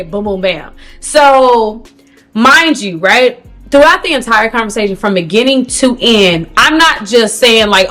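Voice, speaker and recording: Young woman doing a storytime vlog, kinda high voice, slangy and dramatic, calls you girl, faint music under it. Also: moderate pace. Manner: animated, slangy, talks to viewers as "girl". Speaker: beauty vlogger. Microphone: camera.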